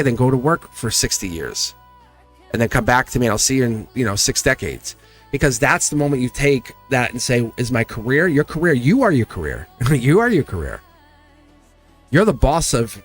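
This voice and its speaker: A man hosts a live-streamed tarot reading in a chatty, animated voice of ordinary pitch. He laughs often and speaks straight to his viewers. Faint music plays behind him.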